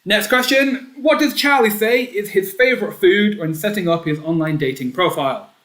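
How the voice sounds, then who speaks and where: A man hosting a live online pub quiz, chatty, reading each question and its options twice and often clearing his throat. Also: high voice, moderate pace, a bit bright. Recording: echoey room.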